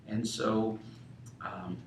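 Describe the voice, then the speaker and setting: A man's voice: lowish voice, level tone, very slow, reverberant, far from the mic, slight background noise, low-quality recording. A man teaching a counseling class, walking through a client case and quoting the dialogue, with frequent fillers. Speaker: counseling instructor. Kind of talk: lecture with case role-play.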